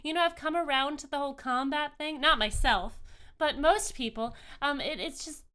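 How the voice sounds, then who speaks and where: A woman's voice: high voice, normal speed, sharp tone, pitched above the performer's own voice. A woman voicing a small, cheerful goddess of joy who giggles and stammers sweetly. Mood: bubbly.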